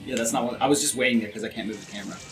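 A man's voice: lowish voice, fairly even intonation, racing. Laid-back man in a roomy space. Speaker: co-host playing a video game. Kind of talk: casual gaming chat. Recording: roomy with game music behind.

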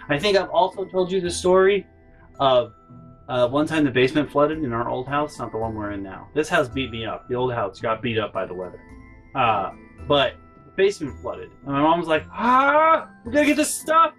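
A man's voice: mid-range voice, animated, a little fast, soft background music. Rambling, profane male storyteller. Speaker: channel host. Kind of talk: storytime vlog.

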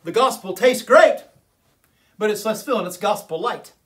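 A man preaching a fiery sermon as an evangelist, often shouting and repeating his phrases. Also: sits high, expressive, normal speed.

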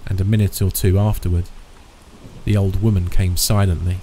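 A man reading a horror story aloud in a slow, measured, ominous manner. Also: low voice, flat delivery, dark tone, a little hiss or hum, rough recording. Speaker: narrator. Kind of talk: scripted horror narration.

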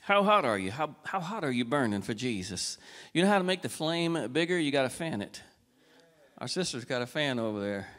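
A man preaching a folksy sermon, asking the congregation questions and moving from quiet, casual talk to raised, urgent calls. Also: medium pitch, very animated, fairly quick, long reverb tail. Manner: swings between soft conversational talk and raised, urgent exhortation. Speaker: pastor. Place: church sanctuary.

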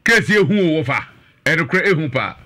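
A man hosting a live show, reading out listener greetings in a drawn-out, loud delivery. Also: on the high side, lively intonation. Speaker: radio and TV show host.

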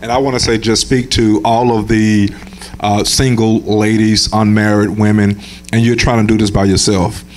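A man's voice: lowish voice, level tone, normal speed. A man acting as pastor, interviewing a church member and encouraging single mothers in the congregation. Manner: encouraging, affirming. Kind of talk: church interview and sermon address.

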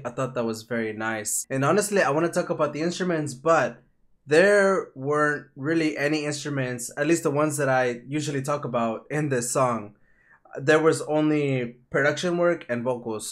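A man from Mexico hosting a music reaction video, excitable and laughing often, mixing Japanese phrases into his English. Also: medium pitch. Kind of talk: casual reaction commentary.

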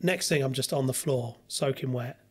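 A podcast guest, a man with a medium-pitched, slightly rough voice, rambles through a personal story at a normal speed, acting out what other people said. It's casual storytelling chat captured on a studio mic.

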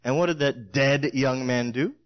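A middle-aged man preaching a sermon in a church, telling stories with lively acted-out quotes. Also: mid-range voice, unhurried, muffled recording. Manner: storytelling, animated, acts out voices in quotes.

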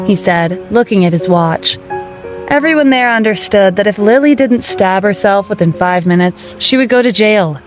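A woman reading a dramatic story aloud as narrator, in a steady storytelling manner. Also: mid-range voice, moderate pace, music in the background. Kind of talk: scripted narration.

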